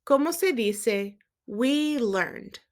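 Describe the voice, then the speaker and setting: Lady spanish teacher, a bit high voice, quizzing you n checking ur accent marks. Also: animated, extremely slow. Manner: asks quiz questions and gently checks accents; switches between English and Spanish phrases. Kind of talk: recorded language lesson.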